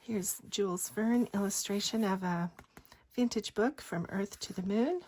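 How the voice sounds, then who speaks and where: A woman narrating a craft journal flip-through in a gentle voice that often drops into a breathy whisper. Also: mid-range voice, measured pace. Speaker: craft designer showing a journal. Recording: faint background noise.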